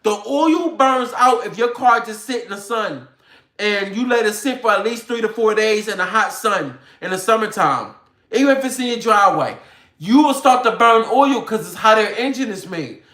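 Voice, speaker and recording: A man's voice: high voice, moderate pace. Fired-up profane man ranting. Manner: animated, profane, slangy, addresses viewers directly. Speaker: online commentator. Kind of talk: ranting talk to viewers. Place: home room with a computer. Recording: roomy echo.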